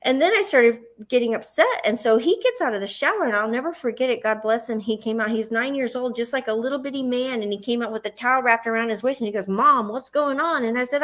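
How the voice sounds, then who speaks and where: A woman's voice: a little high, a little fast, fairly bright tone. A woman with a Southern US accent, hosting a livestream and telling a long personal story, acting out her own panic in the quoted parts. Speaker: host.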